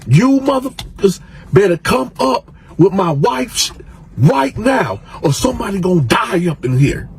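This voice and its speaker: A man voicing an angry, menacing male prison inmate who shouts threats. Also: very high voice, quick pace, pitched above the performer's own voice. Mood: enraged.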